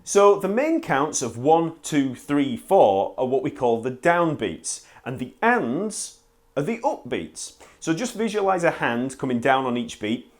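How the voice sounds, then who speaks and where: A man teaching an online bass lesson, explaining rhythm in a friendly way and counting beats aloud. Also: expressive, measured pace.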